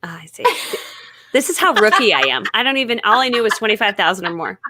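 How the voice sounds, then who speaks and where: A woman's voice: medium pitch, very animated, quick pace, noisy background. A woman hosting a casual live chat, talking enthusiastically about writing her book and laughing often. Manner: enthusiastic, giggly. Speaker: host.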